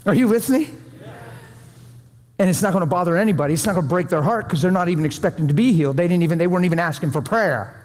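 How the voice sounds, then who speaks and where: A man's voice: high-pitched, fast talker, darkish tone. A man preaching a sermon to a room, folksy and conversational, pleading with his listeners. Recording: long hall reverb.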